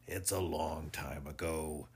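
A man voicing an old sea captain, uneasy and stiff, quick to grumble. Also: low voice, lively intonation, fairly bright tone, husky, heavily acted. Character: old male sea captain, cautious and easily irritated.

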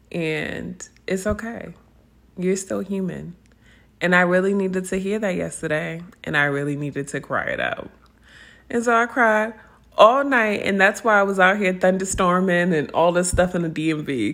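A young woman hosts a podcast, talking candidly and casually about herself, with profanity and frequent laughter. Her voice is lowish and a bit bright.

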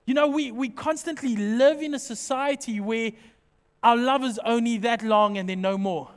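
High-voiced animated pastor in a hall. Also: male voice, moderate pace, smooth. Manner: animated, jokey, acts out little scenes. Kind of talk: sermon.

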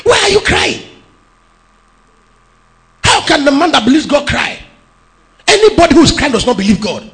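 High-pitched, gravelly preacher. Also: male voice, sing-song, moderate pace, long pauses. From Nigeria. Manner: emphatic preaching with shouted and sung-out phrases. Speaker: pastor. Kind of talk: sermon.

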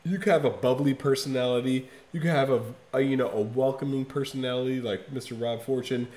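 A man in casual podcast chat, talking emphatically and with a lot of swearing, swinging from loud bursts to low, quiet stretches. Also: steady tone, brisk, reverberant. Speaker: podcast co-host. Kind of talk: casual chat reviewing an album.

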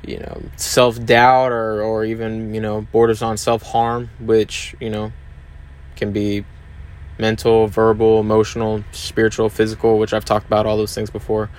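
A man's voice: on the low side, monotone, normal speed. A man hosting his own podcast, talking hesitantly and openly about his struggles, with many fillers. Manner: hesitant, many fillers and restarts, open and confessional. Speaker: podcast host. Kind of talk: candid solo podcast monologue.

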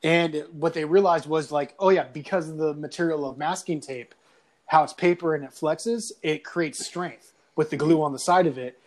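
A young man casually telling a profane high school story, animated and swearing, often laughing through his lines. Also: moderate pace. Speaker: podcast guest telling a story.

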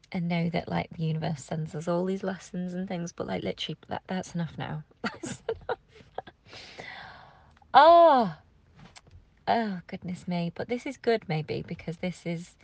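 Gravelly-voiced woman, reflective chat. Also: fairly low pitch. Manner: rambling and reflective, with many "like" fillers. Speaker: podcast co-host. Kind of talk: casual heartfelt chat.

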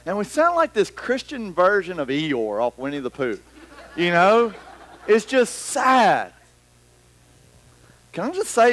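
High-voiced, animated male preacher. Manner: animated, rambling, acts out scenes. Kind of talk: sermon. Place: church hall with about a hundred people. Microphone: microphone.

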